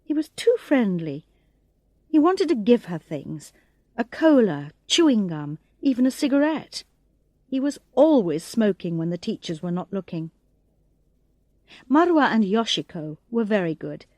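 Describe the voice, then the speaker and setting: Slow, expressive woman reading a story. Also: mid-range voice, no room sound. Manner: expressive, acts out the characters' lines. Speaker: audiobook reader. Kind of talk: slow, clear narration of a graded English reader.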